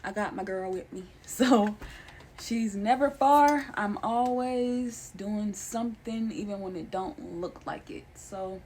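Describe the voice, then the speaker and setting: A woman's voice: medium pitch, slow pace, darkish tone, slight background noise. A young adult woman, a vlogger, talking to camera in a chatty, slangy, playful way. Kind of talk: casual vlog chat.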